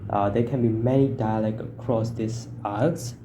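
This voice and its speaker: A man giving a class presentation, reading slide points in short, halting phrases. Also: lowish voice, fairly even intonation, warm tone, a little hiss or hum. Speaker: student presenter.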